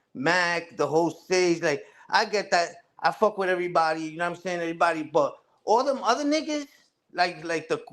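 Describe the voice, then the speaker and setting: A man's voice: high voice, fairly bright tone. A young man ranting on a casual livestream, trash-talking other streamers in a profane, repetitive way, often tagging lines with "you heard?" and "respectfully". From Puerto Rican family on mother's side. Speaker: live streamer.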